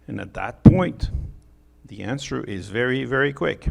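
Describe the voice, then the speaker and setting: Joking and chatty, a middle-aged Frenchman with a French accent addresses a conference hall, stumbling into many fillers and restarts. His voice is medium-pitched and gravelly, animated in delivery, and he speaks a little slowly.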